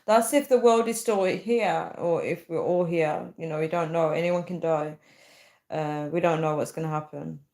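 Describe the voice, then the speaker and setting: A young woman chats casually on a live stream, reading out comments and puzzling over them aloud. She rambles, full of "um" and "like", in a fairly low voice. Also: steady tone, moderate pace, darkish tone. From United Kingdom. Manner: chatty, thinks aloud with many fillers. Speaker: livestream host.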